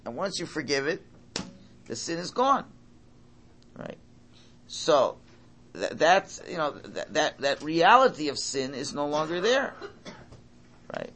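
A man's voice: a little high, sing-song, slow, long pauses, a bit bright, a little hiss or hum. A man giving a Torah class lecture, emphatic, often repeating and restarting his phrases. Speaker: Torah teacher.

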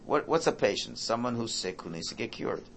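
A man giving an informal Torah talk, animated and acting out parent and child dialogue. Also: mid-range voice, brisk, gravelly, a little hiss or hum.

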